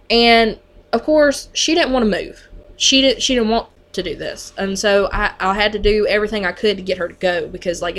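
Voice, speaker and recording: A woman who works on a mental health unit tells a story from her job in a relaxed, conversational way. Her pitch sits in the middle of the usual range. She talks chattily, leaning on fillers like "like" and "you know".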